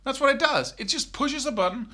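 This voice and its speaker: A middle-aged man teaching guitar, talking in an animated way and scatting riffs with syllables. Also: very high-pitched, fairly quick. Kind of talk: spoken guitar lesson.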